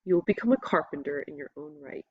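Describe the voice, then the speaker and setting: A weary, badly wounded older sea captain speaks slowly and gravely in an audiobook reading, voiced by a woman. The sound is a little dull and muffled. There is almost no room echo at all. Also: low-pitched, animated.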